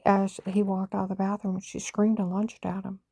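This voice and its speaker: An older woman with a gravelly, dark-toned voice tells her own story in an intense, urgent way. Her account rambles from one thing to the next, recorded close and dry with no room sound. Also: mid-range voice, flat delivery, normal speed, dry recording.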